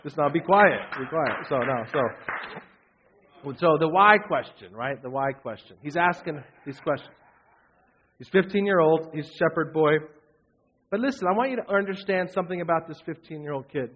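A man's voice: fairly high pitch, expressive, moderate pace, lo-fi sound. A man preaching a sermon in an earnest way, repeating phrases for emphasis. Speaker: pastor.

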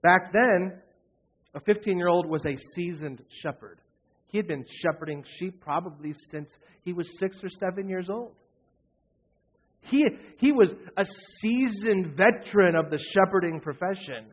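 A man's voice: high voice, lively intonation, a little slow. Man as pastor giving a sermon, earnest, leans on repeated phrases, dull lo-fi recording.

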